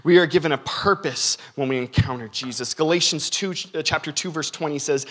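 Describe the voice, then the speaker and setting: A man's voice: medium pitch, brisk, few pauses, a bit bright. A young man preaching a sermon as a youth pastor, telling stories energetically with frequent fillers.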